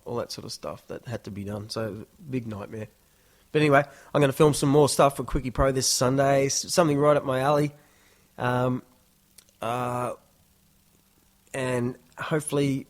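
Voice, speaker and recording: A man in his thirties with an Australian accent, chatting alone in a casual podcast monologue with rambling, self-deprecating storytelling. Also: mid-range voice. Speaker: podcast host.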